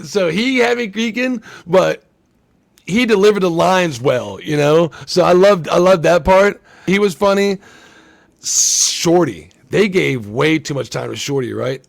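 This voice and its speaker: A man in casual movie review chat, animated and swearing, acting out scenes in quick voices. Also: fairly high pitch, vocal fry. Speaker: podcast co-host.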